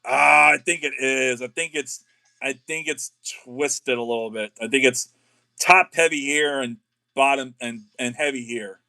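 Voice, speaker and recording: A middle-aged man, chatting excitedly on a live card-opening stream. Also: mid-range voice, measured pace, gravelly. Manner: excitable, says y'all a lot.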